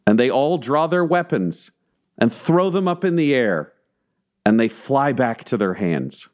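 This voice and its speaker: A man narrating as game master, telling the story slowly and theatrically and building tension. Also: medium pitch, sing-song. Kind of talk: dramatic tabletop narration.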